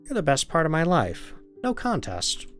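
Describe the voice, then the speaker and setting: A man raising his voice high to play a tender, teasing wife in a horror game. The pitch is lifted well above his own, and the delivery swings lively. Soft music sits underneath. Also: moderate pace.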